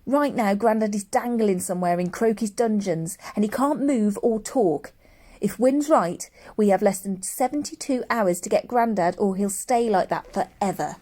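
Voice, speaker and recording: A woman's voice: medium pitch, normal speed, warm tone, pitched above the performer's own voice, lightly acted. A woman voicing an earnest young boy who pleads urgently to rescue his family. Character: earnest determined young boy, the narrator-hero.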